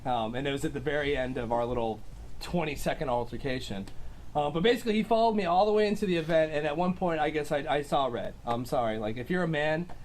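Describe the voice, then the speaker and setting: A man's voice: fairly high pitch, quick pace, a little hiss or hum. A young man telling his side of a clash in a casual, hesitant way, full of ums and likes. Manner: rambling, hesitant, with many fillers. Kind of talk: casual storytelling.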